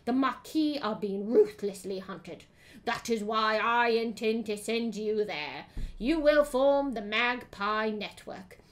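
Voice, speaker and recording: A stern male commanding officer, read aloud by a woman in a tabletop story game. He speaks slowly and formally, in a slightly high and firm voice. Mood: solemn. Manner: measured, formal delivery.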